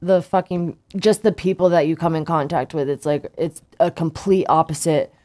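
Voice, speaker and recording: A woman's voice: sits low, steady tone, moderate pace, warm tone. A woman co-hosting a casual chat, rambling and filling her talk with "like". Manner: rambling, fills speech with "like". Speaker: co-host.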